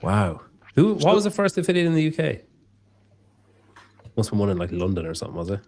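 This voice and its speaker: A man's voice: on the low side, wildly swooping pitch, quick pace, darkish tone. A man hosting a casual podcast, joking and rambling, swearing freely. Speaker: podcast host.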